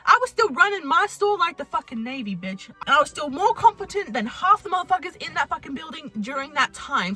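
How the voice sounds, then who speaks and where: A young woman chatting in a casual vlog, her voice bright and a touch high. She rambles and swears freely, with faint music under her. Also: fairly quick. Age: young adult. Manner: animated, profane, rambling storyteller. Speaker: vlogger.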